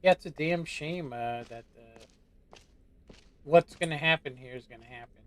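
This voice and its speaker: Monotone man in his forties streaming. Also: a little high, moderate pace. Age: 40s. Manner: monotone, rambling, self-doubting. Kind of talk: casual gameplay commentary.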